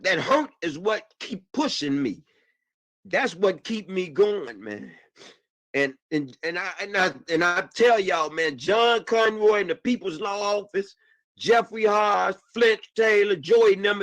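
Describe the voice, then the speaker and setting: Male panelist, emotional testimony, high bright voice. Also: dry recording, low-quality recording. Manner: emotional, repetitive, calls out "man" and "y'all". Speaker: panelist sharing personal testimony. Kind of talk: impassioned personal testimony.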